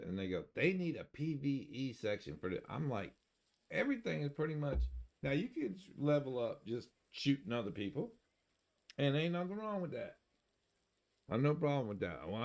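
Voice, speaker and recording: Older male streamer, low gravelly voice, easygoing rambling chat with chuckles. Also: a little mellow. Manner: rambling, folksy, chuckling to himself; talks of having an accent. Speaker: game streamer. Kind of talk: casual live-stream chat.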